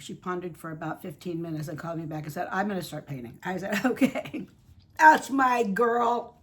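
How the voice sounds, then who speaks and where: A woman chatting casually while painting reborn dolls at her home craft table, rambling and fond. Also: sits low. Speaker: reborn doll artist and channel host.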